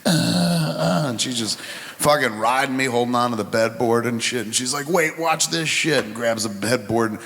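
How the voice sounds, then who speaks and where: A middle-aged man with a mid-range voice talks at normal speed, his words ringing with the reverb of a live hall. Hosting a podcast in casual chat, he tells crude, profane stories in an animated way.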